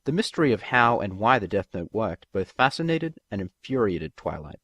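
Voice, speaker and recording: A man's voice: lowish voice, big pitch swings, moderate pace, a bit bright, no echo, highs cut off. A man reading a fan fiction story aloud as narrator. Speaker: story reader.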